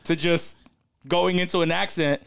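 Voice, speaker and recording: A man guesting on a podcast, chatting in an animated, laughing way. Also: fairly high pitch, moderate pace, creaky, clean tone. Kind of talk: casual chat.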